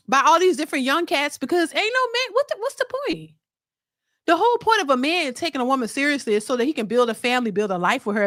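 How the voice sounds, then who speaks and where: A high-pitched woman gives casual, slangy commentary, talking straight to her viewers with lively emphasis. The sound is dry and close, with no room echo, as if she is speaking into a close mic at home. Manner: animated, slangy, talks straight to the audience. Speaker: YouTube commentator.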